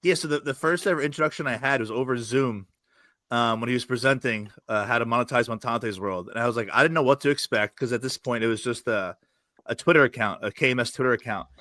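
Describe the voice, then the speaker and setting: This podcast guest chats casually, telling profane stories at high speed and often breaking into laughter. He has a medium-pitched, sharp-toned voice with no echo.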